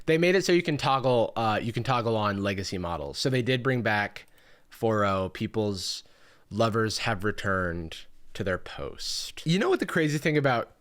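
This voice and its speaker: A man in his thirties hosting a commentary video, reading online posts aloud with sarcastic asides and jumping into high, mocking voices for the quotes. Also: lively intonation, moderate pace, fairly bright tone.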